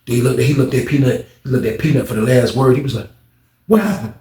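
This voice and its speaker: A man telling a story in casual talk, acting out each person with loud raised voices and dropping to hushed asides. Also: medium pitch, fairly even intonation, very fast, roomy sound.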